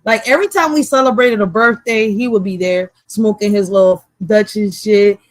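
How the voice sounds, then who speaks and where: Co-hosting a laid-back, profane talk show, this Philadelphia-raised woman of Puerto Rican heritage speaks bluntly, curses freely, and laughs a lot. Her voice is mid-range at a moderate pace, in a dry recording.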